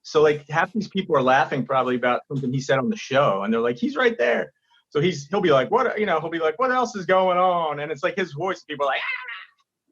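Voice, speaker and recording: A man's voice: a little high, fast, hardly any pauses, breathy edge, dull audio. A man, a stand-up comedian, chatting casually on a podcast and telling stories with acted-out quotes. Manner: animated storytelling, acts out quotes.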